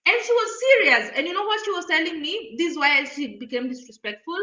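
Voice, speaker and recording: A woman vlogger talks straight to camera, retelling a run-in with a lively, indignant energy. Her voice is high and bright. The room around her is echoey. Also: a little fast. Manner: animated, indignant retelling with acted-out quotes. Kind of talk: casual storytelling to camera.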